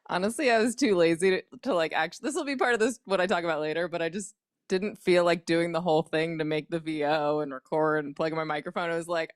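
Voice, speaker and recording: A woman's voice: fairly low pitch, a little fast, no echo, studio quality. A woman podcast producer giving a casual workshop talk, chatty and filled with likes and ums.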